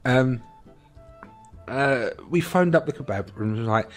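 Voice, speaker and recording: Brief: English male podcast co-host, lively pitch, profane storyteller, faint music underneath. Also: unhurried. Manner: animated, swearing, acts out voices in anecdotes. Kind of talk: casual storytelling chat.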